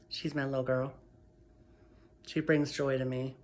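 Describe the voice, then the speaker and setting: Heartfelt woman with flat, steady pitch. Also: a little slow. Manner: emotional, heartfelt, repetitive affirmations. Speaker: vlogger. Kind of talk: personal storytelling vlog.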